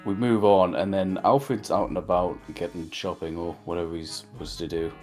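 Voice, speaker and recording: Man, very low voice, casual podcast chat, rambling, jokey, faint music behind. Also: fairly even intonation, fairly quick, a little mellow. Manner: rambling, jokey recaps with acted-out quotes. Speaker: podcast co-host.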